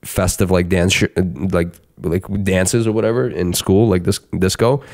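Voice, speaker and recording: A man's voice: sits low, moderate pace. A man with a New York accent who grew up speaking Russian, telling rambling stories in a casual podcast chat as co-host. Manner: rambling, animated storytelling.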